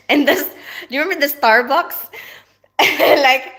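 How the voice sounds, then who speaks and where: Bright, chatty woman. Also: fairly high pitch, expressive, a little slow, pauses often. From Philippines. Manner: chatty, laughs often, rambling asides. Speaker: nurse and livestream host reading viewer comments. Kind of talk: casual livestream chat.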